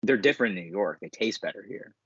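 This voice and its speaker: A man's voice: fairly low pitch, lively intonation, fast talker, fairly bright tone, breathy edge, dry recording. A young man co-hosting a podcast in loose casual chat, rambling, swearing and laughing often. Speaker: podcast co-host. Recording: dull, dry, lo-fi podcast mic.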